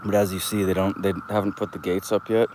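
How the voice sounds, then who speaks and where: A man's voice: deep voice, level tone, fast, background noise. A man in his thirties, talking casually and profanely as he walks outdoors, telling stories in a chatty, rambling way. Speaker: vlogger. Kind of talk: casual rambling walk-and-talk. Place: outdoors, walking around an open lot.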